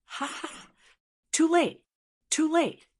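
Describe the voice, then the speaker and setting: A greedy, vicious old elder who gloats and cackles over power he means to seize, voiced by a woman. His voice climbs high and shrill when he crows. He sounds like a figure from a martial-arts fantasy audiobook. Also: lively intonation, a little slow. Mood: gloating.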